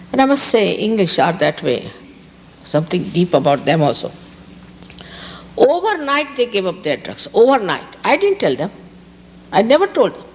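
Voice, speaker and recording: A woman from India with an Indian accent, giving a public spiritual talk and repeating key words for emphasis. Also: lowish voice. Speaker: spiritual teacher. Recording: reverberant hall, faint background hiss.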